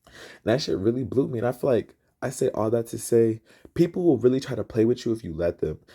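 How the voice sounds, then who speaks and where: A man hosting a podcast, ranting in a profane, emphatic and repetitive way, his pitch jumping up as he gets excited. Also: brisk, husky. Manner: rising pitch when excited. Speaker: podcast host. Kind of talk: heated storytelling rant.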